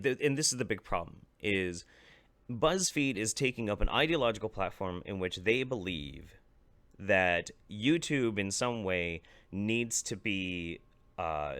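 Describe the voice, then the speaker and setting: Angry ranting man, lively pitch. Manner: angry, profane, swings between low mutters and sharp outbursts. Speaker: YouTube commentator. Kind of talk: ranting commentary.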